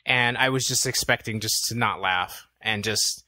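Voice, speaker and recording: Bright-voiced man co-hosting a film podcast. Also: lowish voice, moderate pace, dry recording. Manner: easygoing, thinks aloud with many "um"s. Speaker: podcast co-host. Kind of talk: casual film review chat.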